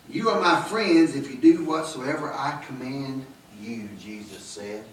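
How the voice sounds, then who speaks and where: A male pastor delivers an emphatic sermon in a church, his voice rising from soft, drawn-out lines to loud, ringing declarations. He sits a little high for a man and sounds set back from the microphone in a roomy sanctuary. A loud piano plays steadily beneath his words. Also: far from the mic, slight background noise. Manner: preaching that swells from quiet to loud and emphatic. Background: piano playing under the sermon.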